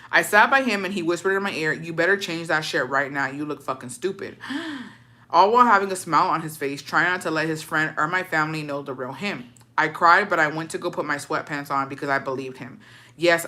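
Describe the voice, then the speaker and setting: Low-voiced, bright, slangy woman host. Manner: chatty, slangy, swears freely. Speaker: host reading viewer stories. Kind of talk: casual chat and story reading.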